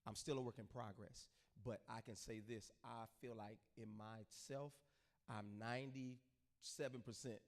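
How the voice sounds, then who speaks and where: Man, pastor, middle-aged, gravelly, animated storyteller. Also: mid-range voice, a little slow. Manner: animated storyteller, acts out quoted voices. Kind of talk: casual talk to a congregation.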